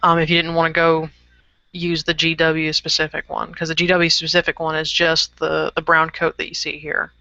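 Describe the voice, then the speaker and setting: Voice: mid-range voice, completely flat delivery, moderate pace, sharp tone, dry recording. A co-host in a casual chat about painted miniatures, talking hesitantly with many fillers. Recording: dry lo-fi sound.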